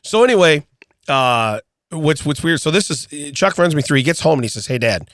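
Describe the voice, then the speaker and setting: A middle-aged man co-hosting a podcast, telling an animated story in casual chat, often checking in with "okay?" and restarting his sentences. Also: on the high side, normal speed, dry recording, studio quality. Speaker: podcast co-host.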